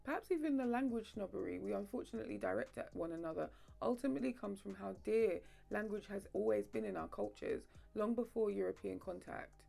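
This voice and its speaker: Creaky-voiced woman narrating. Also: mid-range voice, brisk, few pauses. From London, England. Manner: animated, playful asides. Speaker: video essay host. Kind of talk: video essay narration.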